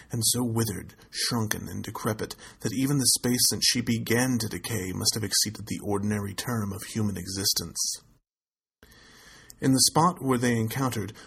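A man narrating a classic tale aloud in a measured, steady storytelling manner. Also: lowish voice, creaky, husky, poor audio. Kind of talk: audiobook reading of a classic tale.

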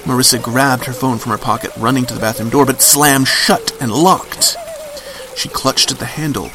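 A man's voice: medium pitch, normal speed, background noise. A man narrating a scripted horror story with dramatic, varied emphasis.

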